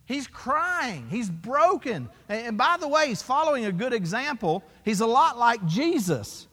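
A man's voice: very high voice, big pitch swings, measured pace, bright, forceful tone. A man preaching a sermon as pastor, emphatic and full of rhetorical questions to his congregation. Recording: long hall reverb.

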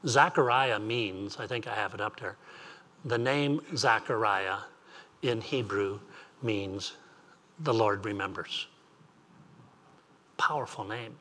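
Earnest bright-voiced male pastor preaching. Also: on the low side, slow pace, long pauses. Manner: earnest, repetitive preaching with rising questions. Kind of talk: sermon.

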